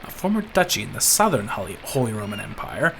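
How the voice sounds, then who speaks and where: A man's voice: on the low side, big pitch swings, fast, vocal fry, voice pushed down. A man reading out the lines of an earnest male printer who backs the peasants, with background noise on the recording.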